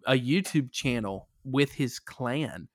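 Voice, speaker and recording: A young man, co-hosting a casual podcast chat, an animated storyteller who laughs often and acts out quotes. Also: mid-range voice, slow, dry recording, studio quality. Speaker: podcast co-host.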